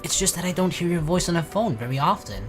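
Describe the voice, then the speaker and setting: A woman reading the lines of a polite, smooth-talking young male student in a visual novel game. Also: lowish voice, expressive, fast talker, soft background music, natural voice. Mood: earnest.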